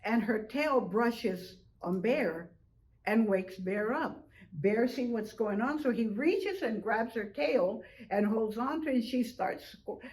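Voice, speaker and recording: An older woman telling a traditional animal story slowly, drawing out repeated phrases. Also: a little high, lively intonation, darkish tone, poor audio.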